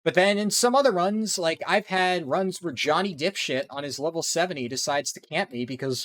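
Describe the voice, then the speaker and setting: A man's voice: a little high, moderate pace, few pauses, a bit bright. A man giving ranting, profanity-heavy commentary over his speedrun gameplay. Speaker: speedrunner and video creator.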